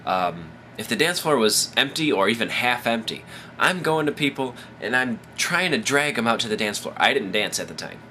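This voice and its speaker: Drunk man vlogging, bright tense voice, rambling and swearing, faint hiss behind. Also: mid-range voice, moderate pace. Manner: rambling, profane, animated. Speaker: vlogger, host of his own show. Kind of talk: casual advice vlog storytelling.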